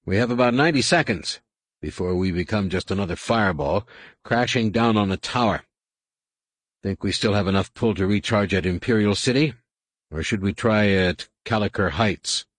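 A man's voice: fairly low pitch, moderate pace, no room sound, natural voice. A man voicing a seasoned older starship pilot in an audiobook, speaking clipped and urgent.

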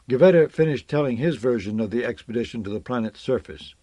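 A man narrating a science fiction novel in a measured, expressive reading. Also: medium pitch, no echo. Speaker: audiobook narrator.

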